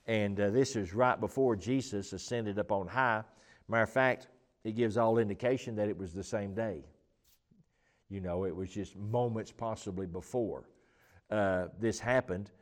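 A man with a fairly low voice teaches the Bible at normal speed in a loose, conversational way. He rambles, restarts often and uses many fillers, then leans hard on the points he wants to emphasize in this informal teaching chat.

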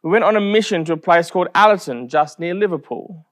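High-voiced man preaching. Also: quick pace. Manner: storytelling with lively quoted asides. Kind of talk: sermon.

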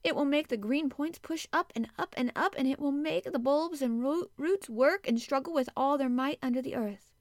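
A woman voicing a sharp, curious little girl in an audiobook. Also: fairly high pitch, expressive, moderate pace, no echo, studio quality. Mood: excited. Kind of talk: audiobook character voice.

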